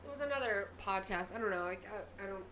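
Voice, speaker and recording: A woman with a Southern US accent hosting casual news commentary, ranting heatedly and then quickly apologizing. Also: mid-range voice, fairly bright tone, a little hiss or hum.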